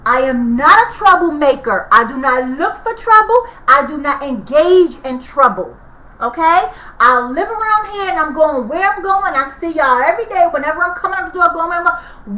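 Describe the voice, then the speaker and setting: A woman rants to the camera with a very high, piercing voice. Her talk is heated, profane and repetitive, and she circles back over the same complaints. The sound rings in an echoey room. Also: animated, normal speed, bright, forceful tone. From New York. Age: 30s. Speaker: vlogger. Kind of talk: angry venting vlog.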